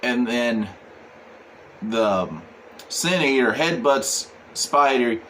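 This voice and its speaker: A man's voice: mid-range voice, animated, slow pace, fairly bright tone, slight background noise. A man reviewing a comic book, recapping the plot casually with many fillers and "he's like". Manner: rambling, full of "he's like" and "um".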